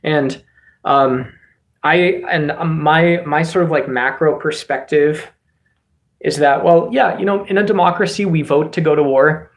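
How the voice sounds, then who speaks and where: A man's voice: fairly high pitch, unhurried. A man from the United States giving casual political commentary as a streamer host, rambling along and often restarting his sentences. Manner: rambling, many fillers and restarts.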